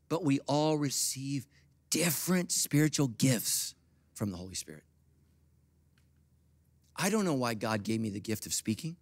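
A middle-aged man preaching a sermon as pastor, swinging from quiet, confiding asides to loud, high-pitched bursts. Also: lively intonation, a little slow, long pauses, no room sound.

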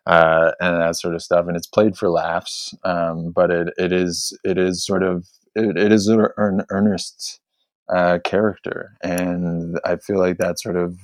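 A man's voice: low-pitched, flat delivery, a little slow, no echo, clean studio sound. A man hosting a podcast, chatting casually and a bit ramblingly about a film, with many fillers. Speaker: podcast host.

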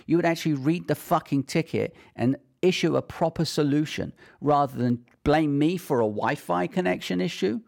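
Furious, gravelly-voiced man ranting. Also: a little high, a little mellow. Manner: furious, heavily profane ranting. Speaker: tech support business owner. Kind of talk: angry ranting vlog.

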